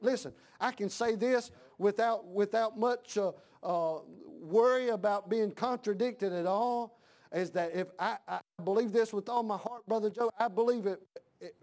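High-voiced preaching man, fiery sermon. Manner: preaching with rising shouted emphasis and repeated lines. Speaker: pastor. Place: church.

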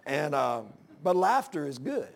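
Older guy preaching casual, folksy stories, voice sits kinda high, yells out now and then. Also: big pitch swings, a little slow, a little hiss or hum. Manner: folksy storytelling, bursts into loud exclamations. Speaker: pastor. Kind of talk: informal sermon.

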